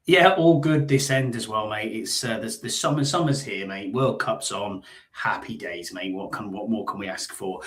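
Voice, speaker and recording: A man's voice: on the low side, normal speed, few pauses, a bit bright. A middle-aged man hosting a live sports talk show, chatting casually and rambling with frequent fillers. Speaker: podcast host.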